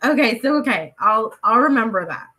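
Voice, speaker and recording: A woman's voice: a little high, animated, fairly quick. A woman hosting a crochet livestream from home, chatting casually with viewers, reading their comments aloud and laughing often. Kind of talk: casual chat with live viewers. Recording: loud clicking noise over the voice.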